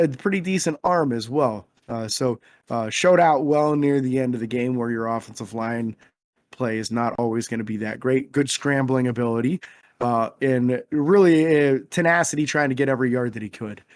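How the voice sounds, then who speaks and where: A man's voice: medium pitch, normal speed. A man co-hosting a casual sports podcast, methodically breaking down player performances. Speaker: podcast co-host.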